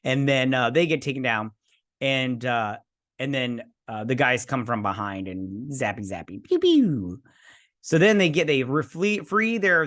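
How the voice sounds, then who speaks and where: A man's voice: mid-range voice, fairly bright tone. A man hosting a casual episode recap and review, rambling through a loose play-by-play and adding his own sound effects. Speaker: host.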